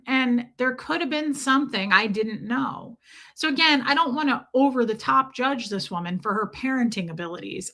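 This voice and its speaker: A middle-aged livestream host with a pushed, bright voice on the high side reads through her viewers' comments, greeting each by name. Her chat is casual and full of opinions.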